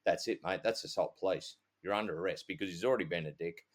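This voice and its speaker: A man's voice: sits low, quick pace. A middle-aged Australian man, a podcast co-host who is a police officer, rambling through a casual anecdote with sweary asides and quoted dialogue. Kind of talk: casual storytelling.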